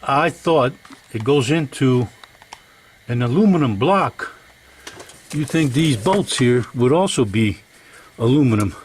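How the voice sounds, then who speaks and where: Speaking at a medium pitch with lively intonation, an older man drifts from thought to thought as he repairs an engine in his home workshop for viewers. He goes slowly, pauses often, and there's a little hiss or hum in this casual vlog.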